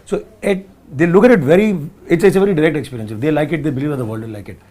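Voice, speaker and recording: A man's voice: fairly high pitch, rapid-fire, a little mellow. A man with an Indian accent, a film director talking casually in an interview, thoughtful and full of restarts. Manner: thoughtful, rambling with many restarts and asides.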